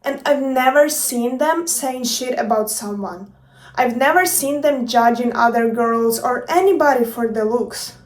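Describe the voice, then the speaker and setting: A woman's voice: fairly high pitch, a little slow. A woman and life coach talking to her viewers in a casual motivational vlog, playful and emphatic, swearing freely. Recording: echoey room, distant from mic.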